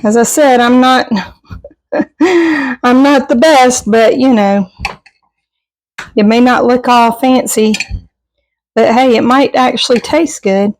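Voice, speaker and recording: Lady cooking vlog, bit high voice, chatty and folksy, pokes fun at herself in her kitchen. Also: takes it slowly, long pauses, darkish tone, a little hiss or hum, poor audio. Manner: chatty, self-deprecating, folksy. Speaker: home cooking vlogger. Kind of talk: casual cooking vlog chat. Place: home kitchen.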